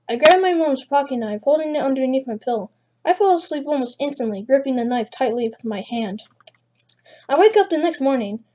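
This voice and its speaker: Woman, creepypasta narration, first-person, stumbling restarts, mellow tone. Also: sits high. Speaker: channel narrator.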